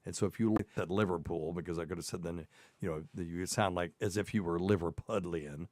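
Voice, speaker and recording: A man in his sixties with a softened Southern accent, hosting a casual medical talk show and telling folksy stories. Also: low-pitched, fairly even intonation, fairly quick, no room sound, clean studio sound. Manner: folksy storytelling. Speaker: host. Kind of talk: casual podcast chat.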